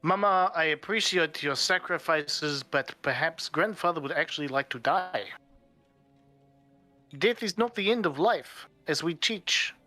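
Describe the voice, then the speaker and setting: A man voicing an earnest young man who speaks calmly in formal phrasing. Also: fairly high pitch, unhurried, soft background music. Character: earnest young man defying his family.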